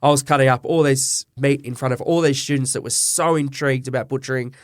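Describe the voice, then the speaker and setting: A man's voice: medium pitch, steady tone, quick pace, no echo, studio quality. A middle-aged Australian man, a butcher and business owner, telling his story candidly and with feeling in an interview. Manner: earnest, emotional storyteller who acts out quoted dialogue.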